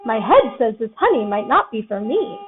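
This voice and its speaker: A woman voicing a gentle, simple-minded male teddy bear in a storybook reading. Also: a little high, sing-song, normal speed, soft background music. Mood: earnest. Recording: tinny phone-like audio.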